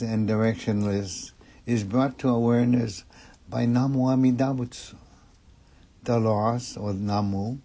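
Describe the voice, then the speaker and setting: A man giving a Dharma talk as a Buddhist minister, measured and calm. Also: medium pitch. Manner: slow, measured and calm delivery.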